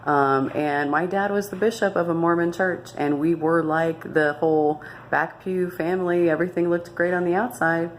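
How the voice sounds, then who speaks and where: A woman's voice: lowish voice, fairly even intonation, moderate pace, few pauses, a little hiss or hum. A young woman earnestly telling her own life story to camera, emphatic and often restarting her sentences. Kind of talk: candid personal testimony.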